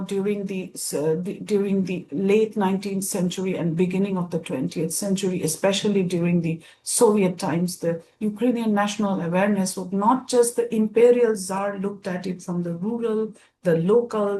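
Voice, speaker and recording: A woman from India, giving an academic lecture in a thoughtful, measured way, often pausing to find her words. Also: medium pitch, dark tone, slight background noise, rough recording.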